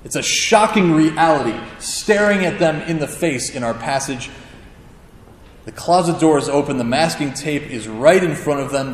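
A man's voice: on the high side, a little hiss or hum. A man preaching a sermon, telling stories in a casual, conversational way with self-deprecating humor. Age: adult with a child. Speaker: pastor. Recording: echoey hall with long reverb.

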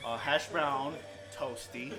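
A man's voice: mid-range voice, slow pace. A man telling a story to friends in casual chat, profane and laughing, mixing Spanish slang into his English. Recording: music playing behind.

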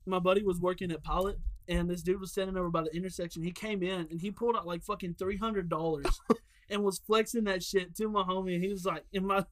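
Quick-talking co-host, rambling anecdotes, filler-heavy. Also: male voice, sits high, fairly even intonation. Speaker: podcast co-host. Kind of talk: casual storytelling chat.

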